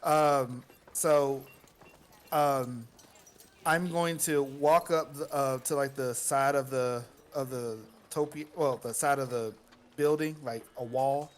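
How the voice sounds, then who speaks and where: A man's voice: mid-range voice, steady tone, slow. A man playing a tabletop role-playing game who talks in a hesitant way, with many fillers and restarts. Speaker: player.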